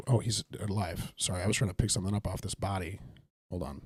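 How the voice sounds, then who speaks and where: A deep, steady male voice moves at a quick pace with a breathy edge and no room sound. While gaming, he runs an informal Bible study, chatting through it and thinking aloud with lots of restarts.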